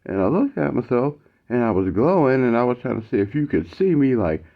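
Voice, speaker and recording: A man's voice: mid-range voice, sing-song, fairly quick, creaky, voice pushed up. A man voicing an eleven-year-old schoolboy who talks in casual, drawling slang. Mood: puzzled. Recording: tinny phone-like audio.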